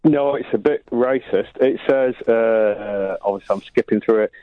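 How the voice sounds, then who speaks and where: A man's voice: lowish voice, moderate pace, dry recording. A man calling in to a radio show over the phone, chatty and rambling with lots of fillers. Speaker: caller. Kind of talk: casual phone-in chat. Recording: tinny phone line.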